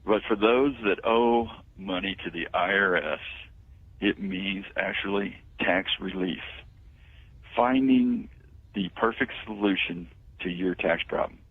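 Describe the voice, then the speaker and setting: Low husky man on a tinny phone line. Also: a little slow, dry recording. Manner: confident sales pitch. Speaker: guest tax firm owner. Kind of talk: radio phone-in interview.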